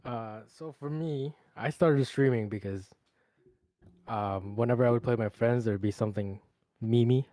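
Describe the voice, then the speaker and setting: Mellow, matter-of-fact man, dry sound. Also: mid-range voice, normal speed, no echo. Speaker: streamer guest. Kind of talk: casual group chat.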